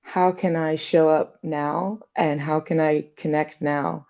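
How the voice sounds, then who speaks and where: A woman's voice: sits low, fairly even intonation, slow pace, darkish tone, lo-fi sound. A woman in casual reflective conversation, thinking aloud with many fillers and little acted-out quotes.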